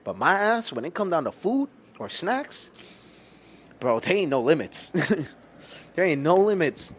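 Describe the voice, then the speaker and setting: A man in his thirties hosts a gaming livestream, talking to his viewers at an easy, rambling pace. His voice sits at an ordinary middle pitch, and he swears freely and casually between bites. A faint hiss of background noise runs underneath. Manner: chatting while eating. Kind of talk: casual stream chat with viewers.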